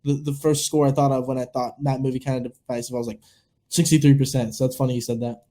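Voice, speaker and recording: A man's voice: medium pitch, flat delivery, quick pace, mellow. A man co-hosting a casual film podcast, rambling and repeating himself as he talks. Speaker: podcast co-host.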